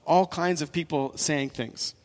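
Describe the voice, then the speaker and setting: A man preaching in a church, his voice sitting a little high for a man and trailing into a long hall reverb. He talks earnestly and repeats himself, often restarting his phrases as he builds his points. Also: measured pace, darkish tone. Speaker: pastor. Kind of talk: sermon.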